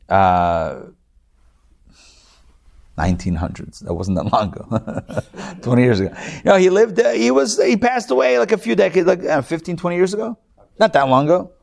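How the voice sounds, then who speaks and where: A male rabbi giving a live Torah class, telling stories in an animated way with frequent restarts and small jokes. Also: mid-range voice, vocal fry.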